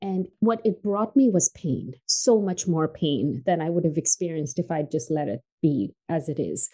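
A woman from Tanzania, a podcast guest, telling her personal story in an earnest, emphatic way that drops soft and low on painful points. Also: expressive, moderate pace, poor audio.

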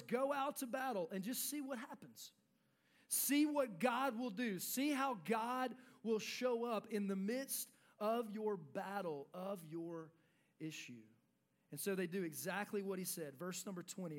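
A man with a notably high voice preaches a sermon to young people. He reads scripture aloud, then explains it in plain, casual words, slowing down and falling to a hush on the key lines.

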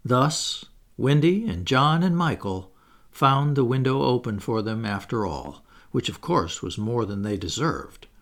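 Gravelly, animated storybook narrator man. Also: mid-range voice, a little slow. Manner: storytelling, wry asides. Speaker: audiobook reader. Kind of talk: scripted narration.

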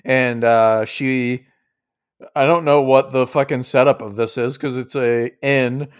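A man's voice: medium pitch, steady tone, unhurried, smooth. A man in a casual, jokey manner, running a tabletop game as game master. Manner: jokey, laughs often.

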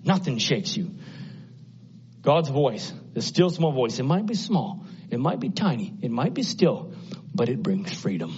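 A man preaching a sermon with passion, dropping to a hush and then climbing loud and high. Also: very animated, measured pace, muffled recording, a little hiss or hum. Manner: impassioned, swinging from hushed to loud and high.

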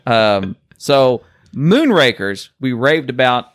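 A man's voice: mid-range voice, big pitch swings, slow, a little hiss or hum. A man hosting a podcast, chatting casually with a teasing, steering manner. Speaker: podcast host. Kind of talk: casual banter.

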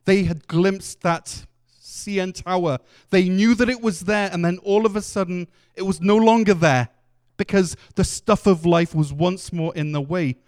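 A man's voice: high-pitched, unhurried, a little mellow. A man preaching a sermon, telling the story earnestly and acting out the quotes. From Wales.

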